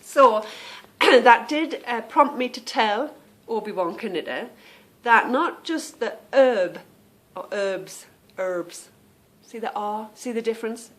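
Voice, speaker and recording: Animated but slow-paced, a woman with a voice on the high side hosts a podcast. She comes from England, speaks with a British accent, and chats casually in a meandering style that often trails away.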